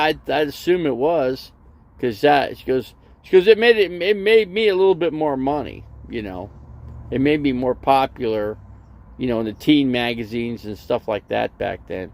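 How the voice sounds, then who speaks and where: Gravelly guy rambling through a story, lots of you know, voice jumps all over. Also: mid-range voice, a little mellow. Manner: acts out both sides of a remembered conversation. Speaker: RV vlogger. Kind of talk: casual storytelling livestream.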